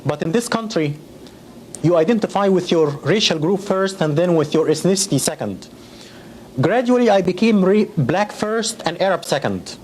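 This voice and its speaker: A man from Egypt, giving measured personal testimony with some hesitant restarts. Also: high voice, expressive, a little mellow, a little hiss or hum. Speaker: interviewee.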